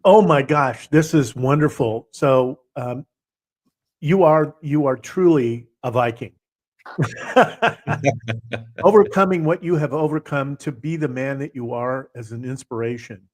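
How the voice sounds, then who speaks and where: A man's voice: mid-range voice, unhurried. A man in a mid-range voice hosts a live interview. He heaps on praise, laughs easily and lets his questions run on. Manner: effusive, laughing, rambling questions. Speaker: host.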